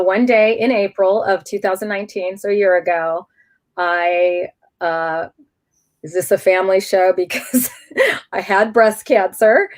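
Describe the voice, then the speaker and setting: A middle-aged woman speaking as an interview guest at an ordinary pitch. She talks candidly and with animation. She often stops and restarts her sentences as she tells her story.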